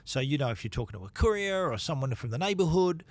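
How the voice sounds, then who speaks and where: Male co-host, easy tech-chat delivery, a touch high, dry booth sound. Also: big pitch swings, fast talker, no room sound. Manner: chatty, loose with restarts and "yep" fillers. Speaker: podcast co-host. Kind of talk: casual tech chat and read ad.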